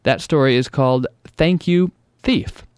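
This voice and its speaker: A man hosting a radio show, introducing recorded stories in a relaxed, conversational way. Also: medium pitch, unhurried, clean tone, no room sound, clean studio sound. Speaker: radio host.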